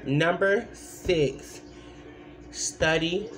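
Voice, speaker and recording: A woman's voice: deep voice, fairly even intonation, moderate pace. A woman giving blunt, rambling advice in a casual vlog, full of asides and repeated points. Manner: repeats points with many fillers.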